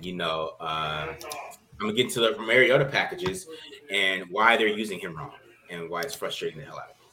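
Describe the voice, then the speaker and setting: A man's voice: low voice, sharp tone, slight background noise. A man casually breaking down football game film, rambling with many restarts and "right?" tags. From family from Baltimore.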